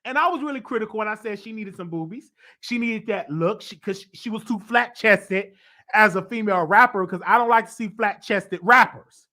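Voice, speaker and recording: A man with a slightly congested, stuffy voice hosts a celebrity gossip show, offering opinionated commentary at a moderate pace. His delivery is animated, with sudden high swoops for emphasis.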